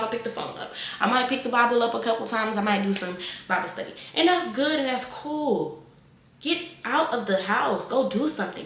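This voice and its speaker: A woman in her twenties giving casual life advice, animated and repeating phrases for emphasis. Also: a little high, roomy sound, slight background noise. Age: 20s.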